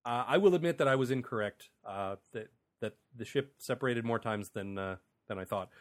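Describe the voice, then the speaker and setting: A man's voice: medium pitch, fairly quick. An American man hosting a podcast, chatting casually and animatedly, laughing often and swearing freely. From United States. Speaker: podcast host.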